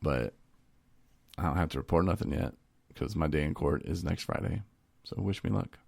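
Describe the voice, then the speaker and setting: On a casual recovery talk show, a male co-host rambles through stories with laughs and acts out phone calls. His voice is rumbling low, creaky and darkish, at a moderate pace, in a dry recording.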